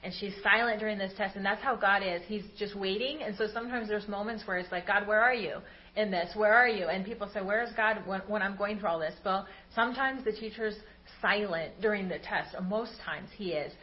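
A woman co-hosting a church service, chatting warmly and sharing a quote in an easy, conversational way. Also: medium pitch, fairly quick, few pauses. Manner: affirming, shares quotes casually. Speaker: co-host. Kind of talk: conversational sermon. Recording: slightly dull audio.

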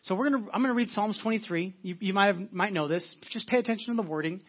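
A man preaching a sermon as pastor, earnest, repeating phrases for emphasis and slowing down when reading scripture. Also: high-pitched, lo-fi sound.

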